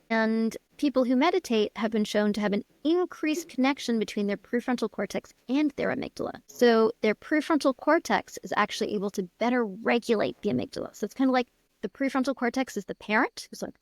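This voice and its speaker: A woman's voice: fairly high pitch, brisk, dry recording. A woman guest, a neuroscientist, explaining brain science with enthusiasm and vivid examples in an interview.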